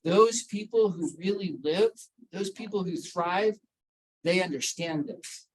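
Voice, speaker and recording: A man's voice: high-pitched, takes it slowly, a little hiss or hum, rough recording. A man giving a motivational talk on mental health to a workplace audience, asking them questions and calling on people by name. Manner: emphatic, repeats key points. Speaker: workplace wellness speaker.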